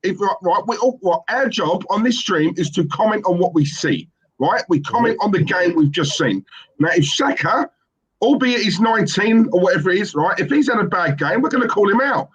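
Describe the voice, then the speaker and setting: A man hosts a football fan stream and argues his point hard. His voice sits high and swings widely. It has a slightly husky edge. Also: expressive, fairly quick, a bit bright, low-quality recording. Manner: emphatic, keeps asking "right?". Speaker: fan show host. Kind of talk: casual football fan chat.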